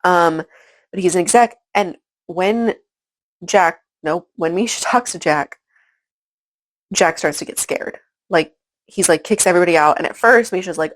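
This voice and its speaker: A woman's voice: on the low side, measured pace, poor audio. A woman casually recapping a book chapter by chapter, rambling and filling her talk with "like" and "um". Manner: rambling, filler-heavy retelling with frequent "like" and "um". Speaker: book reviewer.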